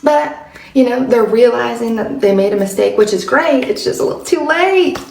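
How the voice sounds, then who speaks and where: A woman casually telling a story about a talk in a shop, dropping to a hush when she quotes others and laughing often. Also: fairly high pitch, animated, moderate pace, vocal fry, slight background noise. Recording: roomy, from far off.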